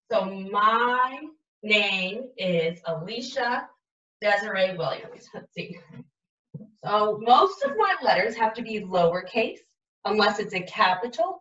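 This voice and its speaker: A woman teaches young children to write, speaking very slowly and stretching out each letter sound as she models the work. Her voice is bright and fairly high. She sounds far from the mic in an echoey room, and the recording is dull and lo-fi. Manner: slow, exaggerated sounding-out of letters and words. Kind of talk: early-grade writing lesson, modeling aloud.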